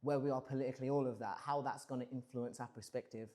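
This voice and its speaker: A man's voice: medium pitch, steady tone, fast talker, a little mellow. A man in his thirties musing casually and profanely on a livestream, rambling through big questions. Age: 30s. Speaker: streamer.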